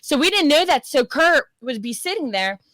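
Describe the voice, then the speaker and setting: A woman chatting casually as a podcast guest, talking animatedly, firing off quick asides and acting out other people. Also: sits high, big pitch swings, a bit bright, no echo, clean studio sound. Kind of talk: casual chat.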